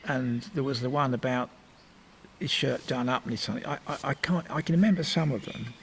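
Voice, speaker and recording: A man's voice: medium pitch, a little fast, creaky, a bit bright, slight background noise. An older man from Sussex, England, reminiscing in a casual interview in a rambling, anecdotal way. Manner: rambling anecdotal storyteller, meandering with restarts.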